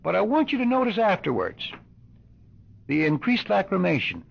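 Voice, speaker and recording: An older man teaching a class of doctors as a hypnosis instructor, deliberate and questioning, repeating his points, on an old lo-fi tape recording. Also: high-pitched, huge pitch swings, vocal fry, slight background noise.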